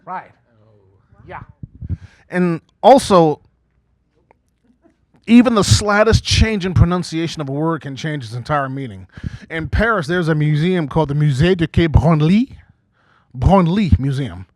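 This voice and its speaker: A man's voice: on the high side, a little slow, long pauses, darkish tone, no room sound. A man over forty doing a stand-up comedy set as emcee, talking conversationally with frequent "okay?" asides and acting out quoted voices. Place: small community TV studio stage before a live audience.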